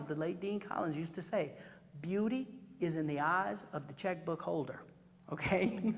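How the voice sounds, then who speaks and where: A woman teaching a photography workshop to a live class, chatty and animated, acting out little quoted exchanges. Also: mid-range voice. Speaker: photography instructor. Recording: reverberant hall recording.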